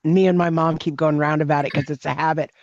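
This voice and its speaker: A woman's voice: sits low, steady tone, darkish tone, dry recording. Brief: woman, teasing chimes, muffled lo-fi dry recording. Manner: quick interjections, teasing. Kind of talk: casual chat. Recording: dull, lo-fi, dry mic.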